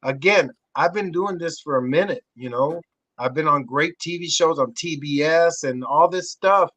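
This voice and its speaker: Middle-aged guy on a podcast, high bright voice, swears a lot, leaps way up in pitch doing quotes, dry close mic. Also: moderate pace, no echo, highs cut off. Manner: animated, profane, acts out quotes with big pitch jumps. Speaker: podcast guest, actor. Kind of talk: casual storytelling chat.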